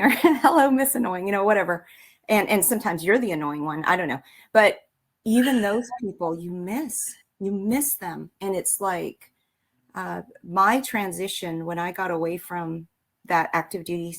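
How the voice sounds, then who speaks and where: A woman military veteran and author telling her story in a casual interview, rambling with many fillers and restarts. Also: on the low side.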